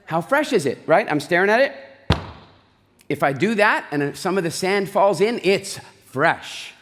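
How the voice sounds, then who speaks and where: A man giving an animated, jokey talk on stage, telling stories with voiced asides. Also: high voice, measured pace, a little hiss or hum. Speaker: speaker. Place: large event hall. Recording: reverberant hall.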